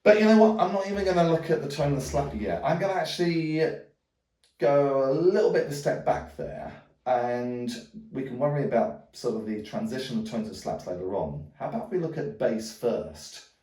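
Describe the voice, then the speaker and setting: A man's voice: medium pitch, expressive, normal speed, dark tone, roomy sound, distant mic. A man teaching a djembe lesson, rambling with lots of "sort of" and "um", calling out drum strokes as he plays. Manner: calls out drum strokes aloud while playing. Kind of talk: hands-on music lesson. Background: djembe drumming.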